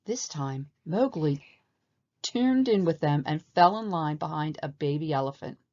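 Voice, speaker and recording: A woman narrating a storybook aloud in an expressive, animated way, on a slightly muffled recording. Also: low voice, a little slow.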